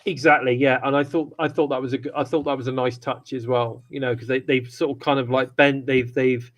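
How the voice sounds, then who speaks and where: A man's voice: medium pitch, little pitch movement, a little fast, rough recording. A man co-hosting a wrestling review podcast, chatting casually and rambling with many restarts. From United Kingdom. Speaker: podcast co-host.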